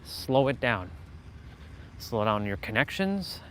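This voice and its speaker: A man's voice: mid-range voice, sing-song, slow pace, fairly bright tone. Motivational vlogger, male, talking emphatically while walking outdoors, faint street noise. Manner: earnest, emphatic, repeats phrases.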